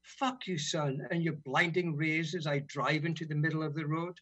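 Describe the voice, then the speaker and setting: A man from Britain reading his own poems on community radio, relaxed and wry between blunt, sweary verses. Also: on the high side, moderate pace, husky. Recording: dull lo-fi radio sound.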